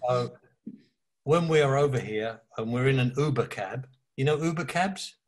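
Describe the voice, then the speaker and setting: A man with an East London Cockney accent, telling blunt, animated stories as an author guest in a casual interview. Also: medium pitch, moderate pace. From England. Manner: blunt, animated storyteller who swears.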